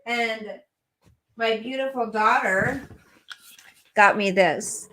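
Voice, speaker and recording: A woman's voice: on the high side, slow pace, pushed and bright. A middle-aged woman hosting a casual livestream, chatty and easily sidetracked as she reads comments and laughs often. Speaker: livestream host reading chat comments.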